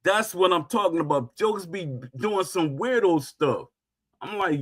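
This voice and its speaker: A middle-aged man with a high, bright voice holds forth to his viewers in an unhurried rant. He repeats himself for emphasis and stamps each point down hard, like a host airing a grievance. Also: lively intonation. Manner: emphatic, repetitive, punctuates claims with "Facts". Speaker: streamer host. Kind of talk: ranting monologue to viewers.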